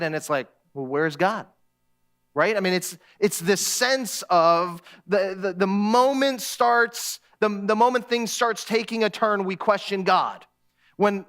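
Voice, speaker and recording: High-voiced man preaching a sermon. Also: fairly bright tone. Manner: conversational, acts out quoted voices with humor. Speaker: guest preacher.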